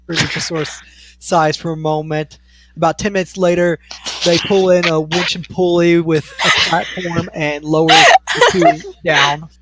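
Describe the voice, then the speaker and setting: A man's voice: high-pitched, fairly bright tone, a little hiss or hum. A man narrating a tabletop game as game master in an easygoing, descriptive way.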